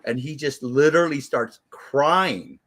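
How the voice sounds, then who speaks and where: A man's voice: fairly high pitch, a little slow, fairly bright tone. A man in his thirties, a podcast co-host, rambling through a parenting story and tagging his lines with "right?". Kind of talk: casual chat, storytelling.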